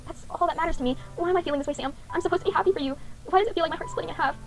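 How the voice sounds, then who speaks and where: A woman voicing an anxious, tearful teenage schoolgirl who blames herself, with a high pleading voice. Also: steady tone, rapid-fire, a little mellow, lightly acted. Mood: distraught. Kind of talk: reading a visual novel aloud.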